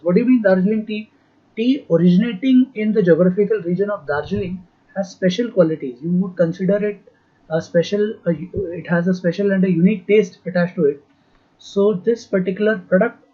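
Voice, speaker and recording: A man with a somewhat high, husky voice gives an exam prep lesson, repeating each term slowly so students can copy it down and spelling words out letter by letter. He fills his pauses with "uh." The recording sounds dull and lo-fi. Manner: frequent "uh" fillers. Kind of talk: dictation-style lecture.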